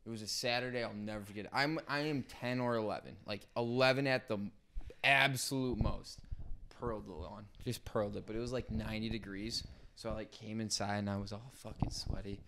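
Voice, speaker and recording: A young man hosting a podcast, telling an animated story in casual chat and swearing freely. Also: fairly low pitch, a little fast, slight background noise. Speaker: podcast host.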